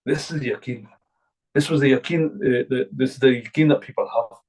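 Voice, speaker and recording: A man's voice: mid-range voice, fairly quick, darkish tone, breathy edge, poor audio. A middle-aged man from Glasgow, an imam giving an earnest, repetitive religious talk to a gathering. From Glasgow, Scotland. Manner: earnest, repetitive, emphatic preaching.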